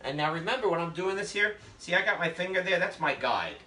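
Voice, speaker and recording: A man's voice: sits high, expressive, a little fast, heavy background noise. A man teaching a live online cooking class over a video call, explaining each step in a chatty, joking way with plenty of fillers. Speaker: cooking instructor. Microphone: webcam on a video call. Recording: echoey room.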